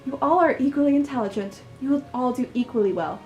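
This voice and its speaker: A woman's voice: high voice, quick pace, darkish tone, echoey room, faint music behind, lightly acted. A woman voicing a cold, proud mother of a wealthy family, stern and dismissive. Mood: soothing.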